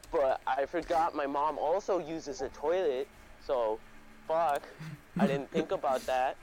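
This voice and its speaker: A man's voice: fairly high pitch, unhurried, a little mellow, slight background noise, low-quality recording. A young man hosting a casual chat, telling a story in a rambling, profane way with lots of fillers and restarts. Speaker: podcast host.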